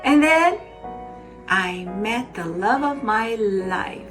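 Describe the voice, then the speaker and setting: A woman's voice: fairly high pitch, animated, slow pace, over music. An older woman giving an earnest, heartfelt account of her own life in an interview. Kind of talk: personal testimony.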